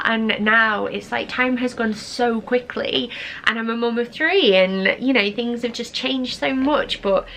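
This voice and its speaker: A young woman talks to her camera about her baby, gushing and chatty, now and then breaking into sing-song baby talk. Her voice sits at an ordinary middle pitch, with a gravelly vocal fry running through it. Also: a bit bright, a little hiss or hum. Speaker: parenting vlogger, mum of three. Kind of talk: casual chat to camera.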